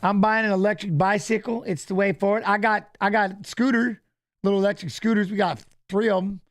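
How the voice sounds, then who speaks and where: A man with a high, level voice talks a little fast while hosting a live fight watch-along, chatting loosely and rambling. He reads out fighter stats, talks to viewers, and often adds "you know what I mean."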